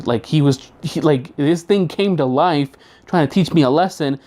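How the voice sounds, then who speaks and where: A man casually telling a funny childhood story, animated and profane, acting out the quotes. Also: a little high, normal speed. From outside the United States.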